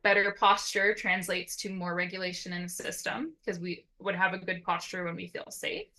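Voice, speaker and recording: A woman with a bright, forceful voice gives an educational talk as a therapist. Her intonation rises and falls freely as she explains step by step. She keeps checking in with her listeners with a quick "right?". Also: on the low side, low-quality recording. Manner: lively up-and-down intonation. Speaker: occupational therapist.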